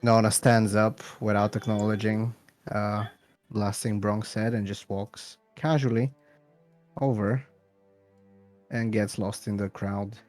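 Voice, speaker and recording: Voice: mid-range voice, flat delivery, slow, a little mellow, faint music behind. A player in a tabletop role-playing game, narrating their character's actions in the third person.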